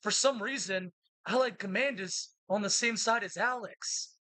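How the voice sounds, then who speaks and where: A woman ranting in a monologue to camera, agitated, with halting restarts that give way to shouted insults. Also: medium pitch, no echo, poor audio. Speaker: vlogger.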